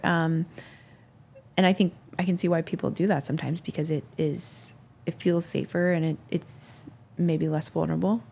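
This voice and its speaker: Gravelly woman reflecting on leadership. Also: fairly low pitch, a little mellow. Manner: rambling, self-reflective, laughs easily. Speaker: ministry leader. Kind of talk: reflective interview answer.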